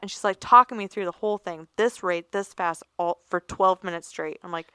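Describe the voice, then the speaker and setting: Woman podcaster telling stories, crisp bright voice w some fry. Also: medium pitch, a little fast, dry recording. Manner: animated storyteller, acts out callers' voices. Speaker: podcast co-host. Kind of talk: casual chat.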